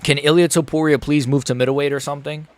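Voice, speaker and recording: A young man streaming a live fight reaction, excitable, swearing and repeating himself as he swings from groaning despair to shouting. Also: fairly high pitch, quick pace, no room sound.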